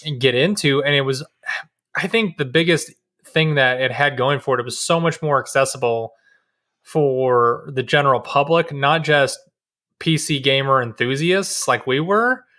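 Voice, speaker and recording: A man's voice: mid-range voice, moderate pace, sharp tone. A man in his thirties co-hosting a casual podcast chat, rambling with restarts and easy laughter. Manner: rambling, lots of restarts and fillers, laughs easily. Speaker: podcast co-host.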